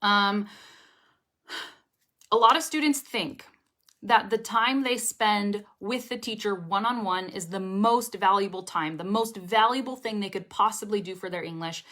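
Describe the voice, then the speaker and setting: Young female teacher, casual, encouraging, checks in constantly, mid pitch. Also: normal speed, fairly bright tone. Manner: chatty, encouraging, often checks in with "okay?" and "right?". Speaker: English pronunciation teacher. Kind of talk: casual spoken lesson to camera.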